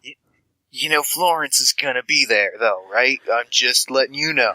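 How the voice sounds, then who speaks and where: A man's voice: mid-range voice, moderate pace, bright, forceful tone, dry recording, rough recording. A man playing a rambling spindly street informant. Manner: rambling, stammering, affectionate.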